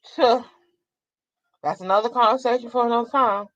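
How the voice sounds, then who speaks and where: A woman's voice: fairly high pitch, moderate pace, no echo, highs cut off. A young adult woman vlogger in a blunt, profane, fiery casual rant to her viewers. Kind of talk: casual ranting monologue.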